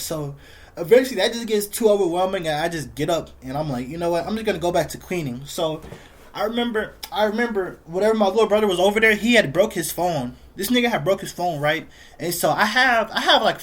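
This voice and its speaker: A young man telling a rambling story for his vlog in casual slang, repeating himself and calling the listener "bro" constantly. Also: high-pitched. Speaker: vlogger.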